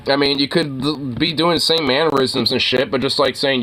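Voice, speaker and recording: A man's voice: medium pitch, fairly even intonation, brisk, few pauses, pushed and bright. Heated, profane male reaction commentator. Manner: rambling, heated, many fillers and restarts.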